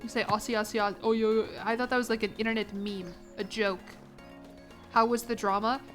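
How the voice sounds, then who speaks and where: A woman's voice: fairly high pitch, steady tone, brisk, a bit bright, soft background music. A young American woman streaming a game, chatting in a rambling way with lots of restarts, a bit congested. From United States. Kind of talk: casual gaming stream chat.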